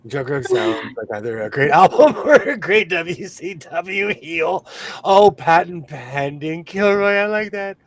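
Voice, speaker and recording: A man's voice: on the high side, animated, a little slow, dry recording. A man from California hosting a sewing livestream, chatting casually, laughing often and reading the chat aloud.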